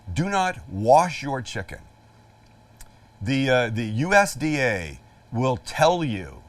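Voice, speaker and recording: A middle-aged man hosts a laid-back cooking demo in his backyard kitchen, chatting, joking and speaking with emphasis. His voice sits in the mid range, picked up by a distant mic.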